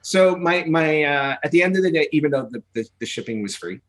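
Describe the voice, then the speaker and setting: Male podcast co-host, animated storyteller, slightly higher voice. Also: a little fast. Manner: animated storyteller acting out phone calls. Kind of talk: casual chat.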